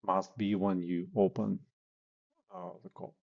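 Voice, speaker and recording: A man coaching phone sales speaks in a low, narrow, creaky voice with little pitch movement and an unhurried pace, recorded with tinny audio. His manner is casual, and he acts out sample cold-call lines as teaching examples.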